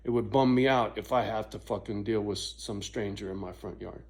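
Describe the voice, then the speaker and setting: A man's voice: fairly low pitch, fairly even intonation, normal speed, darkish tone. Rambling, cussing middle-aged man telling a story. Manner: rambling, profane, frequent "right?" asides. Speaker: vlogger. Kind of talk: casual storytelling to camera.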